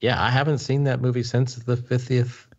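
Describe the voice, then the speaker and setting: A man's voice: medium pitch, little pitch movement, moderate pace, lo-fi sound. A man co-hosting a podcast in casual chat, easygoing, with brief replies. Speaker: podcast co-host.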